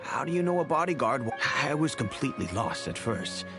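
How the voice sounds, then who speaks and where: A man voicing a wealthy, kindly middle-aged father in game cutscene dialogue, telling the past in a measured, reflective way. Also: medium pitch, sing-song. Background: game music.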